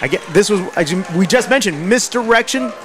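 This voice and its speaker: High-pitched, excitable play-by-play man. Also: a little fast, soft background music, a faint crowd. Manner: excitable, shouts on big plays. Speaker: play-by-play announcer. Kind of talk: live sports play-by-play commentary.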